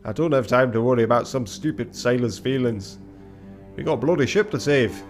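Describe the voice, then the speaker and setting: A man's voice: medium pitch, brisk, faint music behind, lightly acted. A man voicing a brash, angry male ship engineer who swears and barks orders. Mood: impatient. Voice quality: loud and gruff, swearing.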